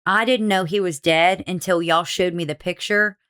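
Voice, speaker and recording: A woman's voice: on the low side, fairly even intonation, normal speed, a bit bright, clean tone. A woman hosting a casual true crime podcast, swearing freely and acting out quotes from the people she talks about. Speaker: podcast host.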